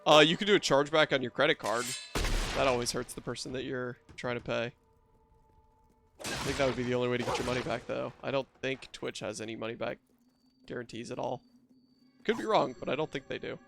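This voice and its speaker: A man's voice: medium pitch, brisk, creaky, long pauses, a bit bright, soft background music. A man casually chatting with his viewers while playing a game, joking and self-deprecating. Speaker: game streamer. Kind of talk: casual live-stream chat.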